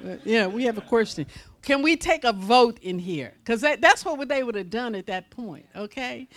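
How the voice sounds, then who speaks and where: A woman minister preaching a sermon in a folksy, animated style with call-and-response to the congregation. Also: high-pitched.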